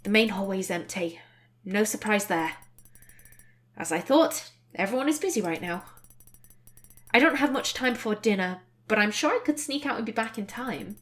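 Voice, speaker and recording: A woman's voice: medium pitch, lively intonation, normal speed, long pauses, fairly bright tone, close to an everyday voice. Woman reading a thoughtful young heroine. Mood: reflective. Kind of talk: voiced game reading.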